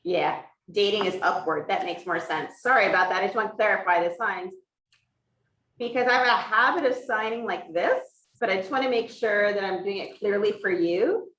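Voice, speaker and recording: A woman's voice: medium pitch, moderate pace, fairly bright tone. A woman interpreting for a teacher, voicing a sign language lesson in the first person and explaining each point step by step. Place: classroom for a hybrid in-person and online class. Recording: echoey room from far off.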